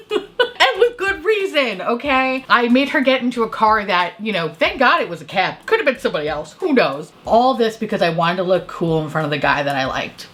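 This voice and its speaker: A woman vlogger chatting while doing her makeup at home, telling an embarrassing story in an animated, self-mocking way. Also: a little high, moderate pace. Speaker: beauty vlogger. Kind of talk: chatty get-ready-with-me storytelling.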